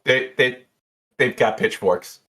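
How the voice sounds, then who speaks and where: A man voicing a shrill, excitable female bartender who gushes and calls people honey and baby. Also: slow pace. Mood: gushing.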